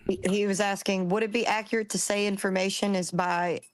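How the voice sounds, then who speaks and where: A woman's voice: mid-range voice, fairly even intonation, a little fast, dry recording. A woman on a live stream reading quoted questions aloud in a plain, matter-of-fact way.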